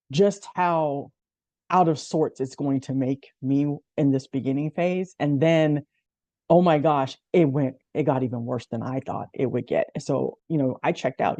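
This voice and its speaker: A woman in her fifties hosting a casual conversation, telling stories with lively acted-out quotes. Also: sits low, no room sound. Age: 50s. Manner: animated storyteller, acts out quotes. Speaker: host.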